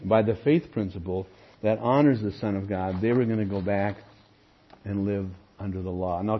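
Husky-voiced pastor, dull lo-fi recording. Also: male voice, medium pitch. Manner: explanatory, keeps asking "okay?". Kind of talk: evening Bible study teaching.

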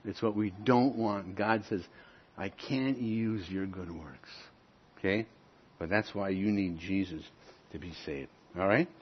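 A man preaching a sermon, moving between loud, emphatic points and quieter storytelling. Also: low voice, a little slow, lo-fi sound, slight background noise. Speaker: pastor.

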